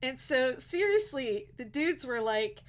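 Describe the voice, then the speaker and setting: A woman's voice: high voice, sing-song, unhurried. A middle-aged woman with a Pittsburgh accent, hosting a casual crochet livestream, chatty and rambling and laughing at her own jokes. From Pittsburgh, USA.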